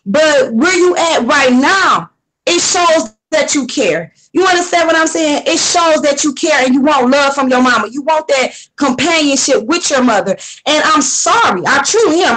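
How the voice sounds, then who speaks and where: Motherly woman guest, high voice, soothing and reassuring. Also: lively intonation, normal speed, a bit bright, rough recording. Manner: soothing and motherly, calls her "baby". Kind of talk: supportive personal conversation.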